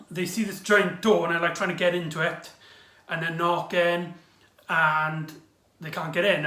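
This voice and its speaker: A man giving a casual, rambling recap review of a TV episode, excitable and full of exclamations. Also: high voice. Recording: echoey room.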